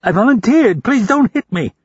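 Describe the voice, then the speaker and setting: A man voicing a frightened male captive who pleads and whimpers for his captors to stop, in a high, strained voice. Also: big pitch swings, brisk, breathy edge, dry recording, lo-fi sound. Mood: pleading. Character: frightened captive man begging, feigning weakness.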